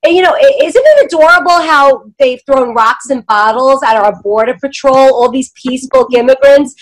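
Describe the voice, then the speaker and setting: High-voiced sarcastic woman host. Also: lively intonation, moderate pace, poor audio. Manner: sarcastic, laughs often. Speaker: talk show host. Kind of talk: political commentary chat.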